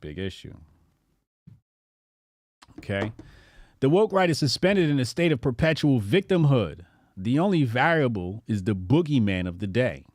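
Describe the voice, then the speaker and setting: A man's voice: no echo, clean studio sound. Profane, mocking male political commentator. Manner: profane, mocking impressions of opponents; animated, swings from low muttering to raised outbursts. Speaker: commentary show host.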